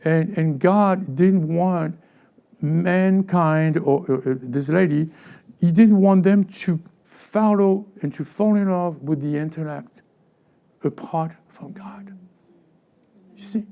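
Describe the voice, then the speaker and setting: A male pastor delivers a conversational sermon in a raised, gravelly voice with a dark, mellow tone. He stumbles and restarts often, repeating words as he goes. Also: on the high side. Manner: halting, with frequent stammered restarts and repeated words; conversational preaching, acting out everyday voices. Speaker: lead pastor.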